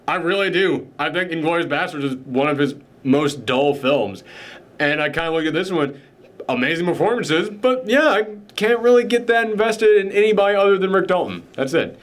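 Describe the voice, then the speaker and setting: A man's voice: a little high, animated, normal speed. A man giving a casual, candid, opinionated film review. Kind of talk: casual movie review chat.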